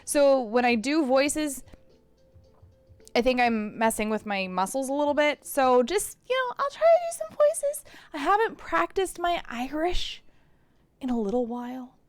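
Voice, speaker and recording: A slightly hoarse woman streamer chatting casually and self-mockingly as she plays a game. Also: a little high, measured pace, no echo, soft background music. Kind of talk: casual live-stream chat.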